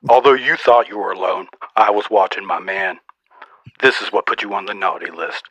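A man's voice: on the low side, fairly even intonation, moderate pace, fairly bright tone, dry recording. A man voicing a boastful, snarky old male Santa Claus, roasting people in a mock-stern way for a comedy podcast sketch.

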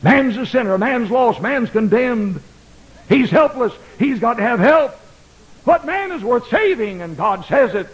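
A man preaching a fiery old-time sermon in a church, swinging between loud cries and low, hushed words. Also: lively intonation, a little slow, dull audio. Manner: impassioned preaching with dramatic swings in pitch and volume. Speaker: pastor. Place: church sanctuary. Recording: old radio broadcast recording.

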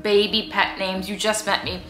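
Woman vlogger, chatty and sarcastic storyteller; bright tone, roomy echo. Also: medium pitch, flat delivery, moderate pace, soft background music. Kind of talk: casual storytime vlog.

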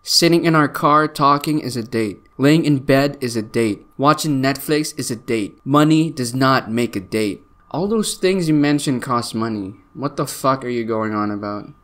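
A man's voice: medium pitch, moderate pace, hardly any pauses, a bit bright. A man hosting a video, reading tweets aloud and mocking them with sarcastic comments and frequent laughter. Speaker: video host.

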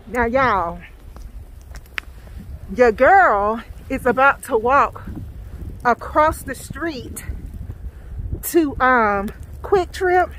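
A woman's voice: high-pitched, animated, extremely slow, pauses often, fairly bright tone, slight background noise, rough recording. A Southern American woman vlogging outdoors in the snow, exclaiming dramatically and calling out to her viewers as she walks with her phone. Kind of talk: casual vlog, talking to camera.

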